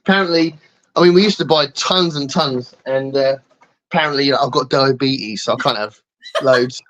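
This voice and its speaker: A middle-aged Englishman from England, appearing as a guest co-host, chats casually on a live stream. He rambles, mocks himself, and laughs often. His mid-range voice is a bit bright and moves at a moderate pace.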